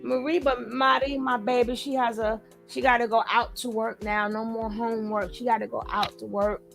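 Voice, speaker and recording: A woman from New York hosting a casual live-stream chat, animated and quick with loud outbursts. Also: a little high, creaky, soft background music. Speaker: channel host.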